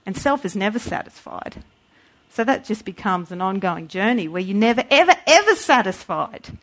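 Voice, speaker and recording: A woman preaching a sermon in an animated way, acting out voices when she quotes. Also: medium pitch, moderate pace.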